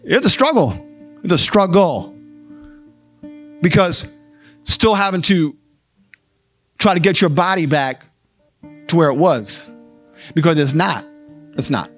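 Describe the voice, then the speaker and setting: A man with a high-pitched voice tells his story as a testimony, fervent and earnest, driving points home by repeating them. Soft guitar music plays faintly behind him. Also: animated, takes it slowly, long pauses. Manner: fervent, repeats phrases for emphasis. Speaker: speaker sharing a personal testimony. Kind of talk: emotional spoken testimony.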